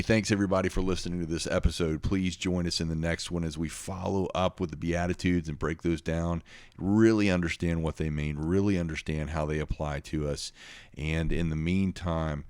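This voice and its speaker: A man in his forties co-hosting a podcast, talking casually and hesitantly with frequent pauses and fillers. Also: a bass voice, a little mellow, no echo. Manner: hesitant, uses "uh" a lot. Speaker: podcast co-host. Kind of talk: casual chat.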